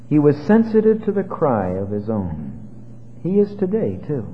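A man's voice: a little high, very animated, moderate pace, a little hiss or hum. Tinny, echoing male preacher. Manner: dramatic preaching with wide swings between loud and hushed. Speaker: pastor. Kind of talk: sermon. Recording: tinny phone-like sound with long hall reverb.

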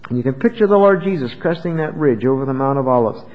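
An older man preaching a sermon as pastor, expressive and rising to loud, emphatic peaks. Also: mid-range voice, fast talker. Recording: dull lo-fi church recording with long reverb.

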